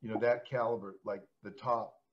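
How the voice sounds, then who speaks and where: A man hosting a podcast in casual chat, telling stories in a rambling, animated way. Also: fairly low pitch, moderate pace. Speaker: podcast host. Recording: slightly dull podcast audio.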